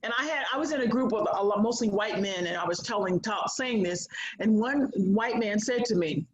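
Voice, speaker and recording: A middle-aged woman, a guest on an interview show, telling stories with animated, emphatic delivery. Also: mid-range voice, moderate pace, echoey room, dull audio. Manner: animated, emphatic, acts out quotes. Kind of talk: interview storytelling.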